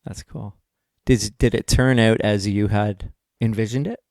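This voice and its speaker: A man's voice: fairly low pitch, a little slow, darkish tone, dry recording, studio quality. A male podcast host asking questions with short, encouraging reactions. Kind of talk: casual interview.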